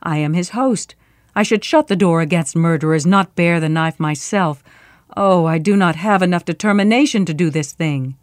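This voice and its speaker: Brief: nervous nobleman, low and mumbling, as a woman storyteller puts him on; dry close sound. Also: normal speed, no room sound, natural voice. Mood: fretful. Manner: mumbling, fretful, at times urgent. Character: troubled nobleman, anxious and wavering.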